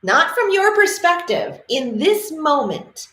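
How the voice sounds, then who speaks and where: A middle-aged New England woman, a dog trainer, talks to camera about dogs with animated passion, her high voice moving slowly. She tells stories and briefly acts out the people in them, and the room sounds roomy and echoey.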